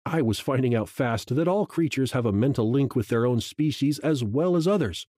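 A man reading a first-person audiobook in a slow, hushed, measured way. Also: medium pitch, expressive, no echo, clean studio sound. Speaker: audiobook narrator. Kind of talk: first-person scripted narration.

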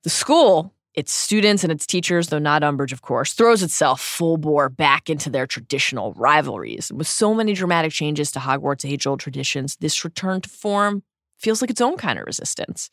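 Lively, low-voiced woman recapping a book. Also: normal speed, dry recording, studio quality. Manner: animated, wry storytelling with laughs. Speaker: podcast co-host.

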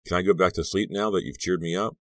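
A man's voice: deep voice, steady tone, quick pace, a bit bright, no echo, studio quality, pitched above the performer's own voice. A man voicing a tired, edgy teenage boy who answers with weary sarcasm, in an audiobook reading.

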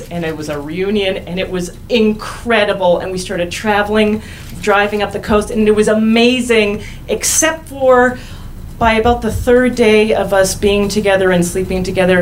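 A woman's voice: medium pitch, fairly even intonation, moderate pace, slight background noise, rough recording. Candid woman telling a wry stage story. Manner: candid, wry, laughs at herself. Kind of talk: personal story told on stage.

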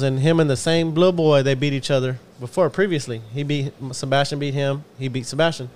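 A man's voice: medium pitch, fairly even intonation, fairly quick, darkish tone. A man with a Texan accent telling a long story in a casual podcast chat, acting out quotes and swearing freely. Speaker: podcast co-host. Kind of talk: casual storytelling among friends.

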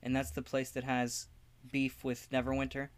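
A man playing a tabletop game, talking in an excitable, casual way. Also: mid-range voice, normal speed, dry recording. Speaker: player.

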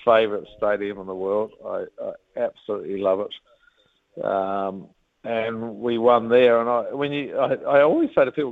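A man's voice: lowish voice, moderate pace, vocal fry. Rambling New Zealand man on a phone line. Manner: rambling, animated, many restarts. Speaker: guest, former rugby captain. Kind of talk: casual interview storytelling.

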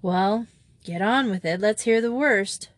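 A woman's voice: medium pitch, measured pace, dry recording, lightly acted. A woman voicing a worried, impatient young Englishman in an audiobook reading, with a brusque, slangy manner. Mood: exasperated. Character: young English man, worried elder brother.

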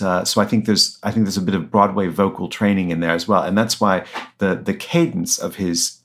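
A man being interviewed as an author, answering conversationally with many fillers and restarts. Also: low-pitched. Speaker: author guest.

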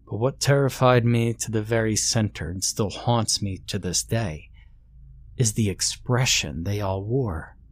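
A man reading a first-person creepypasta horror story aloud in a slow, hushed, somber narration. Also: on the low side.

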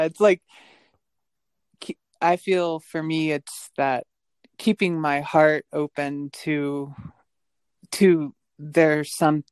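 A woman's voice: deep voice, a little mellow, smooth, dry recording. A woman guest on a podcast who answers in an earnest, searching way, restarting her sentences and laughing between thoughts. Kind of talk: casual reflective interview talk.

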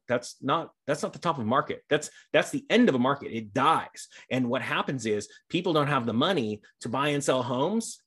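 A middle-aged man hosting a casual commentary vlog, energetic and sarcastic, rambling as he reads and reacts. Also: medium pitch, slightly rough. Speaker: real estate YouTuber.

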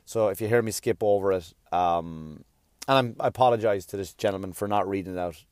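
A man's voice: sits low, a little fast, darkish tone, no room sound, clean studio sound. A middle-aged man hosting his own podcast in a casual, rambling monologue, stammering and restarting often and swearing offhandedly. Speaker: podcast host.

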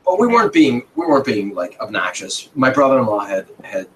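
Male podcast host, mid-pitched, loose profane storytelling, slight background hiss. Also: sing-song, brisk, low-quality recording. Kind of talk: casual storytelling chat.

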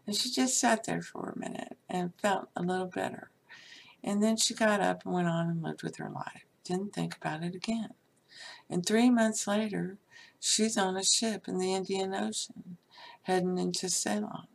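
A woman's voice: mid-range voice, steady tone, normal speed, gravelly. A woman giving a casual spiritual teaching talk, chatty and full of "you know" and "okay?", sometimes dropping to a whisper for emphasis. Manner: conversational, frequent "you know" and "okay?" tags.

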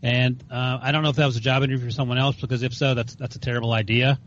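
A man's voice: medium pitch, flat delivery, very fast, fairly bright tone, a little hiss or hum. A man hosting a casual sports podcast, emphatic and opinionated. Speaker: podcast host. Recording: lo-fi remote audio.

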